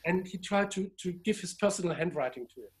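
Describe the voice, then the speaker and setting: A man's voice: sits high, fast talker, slight background noise. A middle-aged man from Berlin with a German accent, telling a long anecdote in casual conversation over a video call. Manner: animated, laughs while telling stories. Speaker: DJ and record collector, guest.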